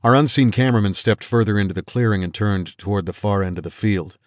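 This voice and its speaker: A man with a very low voice narrates an audiobook in the first person, measured and steady. The recording is dry and close, with no room sound around him. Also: dry recording. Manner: measured storytelling, voices quoted characters.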